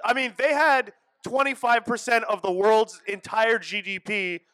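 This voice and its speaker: Podcast co-host, man, high and bright voice, lays out history, dry close sound. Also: steady tone, unhurried, smooth, no room sound. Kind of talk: casual chat.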